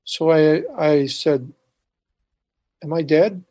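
A man telling a personal story in conversation, halting with frequent restarts and dropping quiet at moments. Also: on the high side. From United States. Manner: halting, restarts often, quiet when recalling. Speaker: speaker telling his life story.

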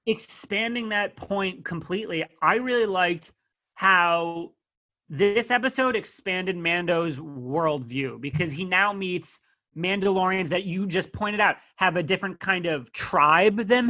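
Bright-voiced sarcastic man. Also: sits high. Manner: blunt, sarcastic, critical. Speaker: podcast co-host reviewing a TV episode. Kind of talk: casual chat.

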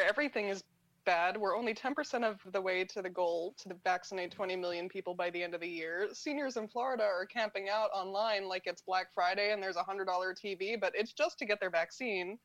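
A woman's voice: mid-range voice, no room sound, poor audio. Chatty woman reading quirky news bits. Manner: chatty, uses "like" a lot. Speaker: radio show co-host reading news segments. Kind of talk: casual news roundup.

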